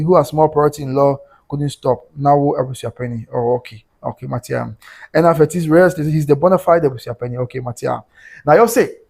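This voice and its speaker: A Ghanaian man hosting a livestream, animated, switching between Twi and English while reading out viewer comments. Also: fairly high pitch, vocal fry, breathy edge. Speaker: host.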